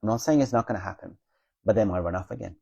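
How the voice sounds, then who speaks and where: A man's voice: fairly low pitch, racing, creaky, dark tone, breathy edge, dull audio. A man working as a spiritual teacher, answering viewers' questions in a live Q&A chat with a blunt, matter-of-fact, teasing manner.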